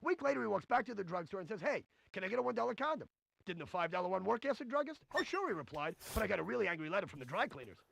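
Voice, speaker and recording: A brash, corny stand-up comic. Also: male voice, sits high, sing-song, racing, gravelly, fairly bright tone, no room sound, exaggerated voice. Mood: joke-telling. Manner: brash, hammy joke delivery. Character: cheesy stand-up comedian man, brash and corny. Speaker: game's recorded comedian. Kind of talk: 1990s CD-ROM stand-up comedy routine.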